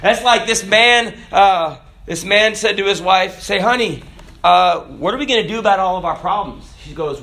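A preacher with a high, bright voice works his congregation with jokes, jumping into character voices as he tells each story. He is a man delivering a lively, animated sermon. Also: moderate pace, vocal fry. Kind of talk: joke-filled sermon.

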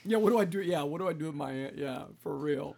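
A man's voice: fairly high pitch, fast talker, gravelly. A man in his thirties chats easily as a podcast host. He talks in a loose, rambling way, packing his sentences with "like" and "so". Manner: relaxed, talkative, lots of "like" fillers. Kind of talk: casual chat.

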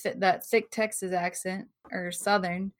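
A woman's voice: lowish voice, little pitch movement, unhurried, no echo, clean studio sound. A woman from Arizona co-hosting a casual podcast, rambling and swearing constantly. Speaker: podcast co-host. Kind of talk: casual chat.

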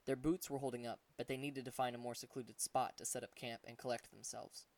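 A man reading an adventure audiobook, telling the story at a steady pace and voicing the characters. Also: mid-range voice, a little fast, no echo, distant mic. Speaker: audiobook narrator.

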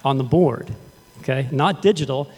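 A man's voice: medium pitch, moderate pace, a little mellow, slightly rough. A middle-aged man from Texas preaching a conversational sermon, telling stories and asking the congregation questions. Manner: casual, conversational, addresses the congregation directly. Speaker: pastor. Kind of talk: sermon with storytelling. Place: church sanctuary. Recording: long hall reverb.

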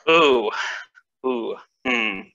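A man's voice: mid-range voice, extremely slow, pushed and bright, muffled recording. A man guest on a casual podcast, telling stories in a loose, hesitant way with frequent laughter. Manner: storytelling, laughs often, hesitant fillers. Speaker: guest strength athlete.

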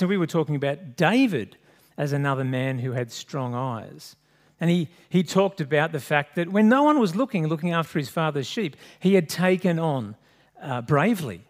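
A man preaching a sermon, reading scripture aloud expressively with large swings in pitch and loudness. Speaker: pastor.

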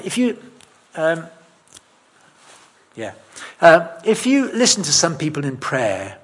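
Male preacher, conversational sermon, husky and fairly high-pitched. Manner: conversational, self-deprecating, emphatic.

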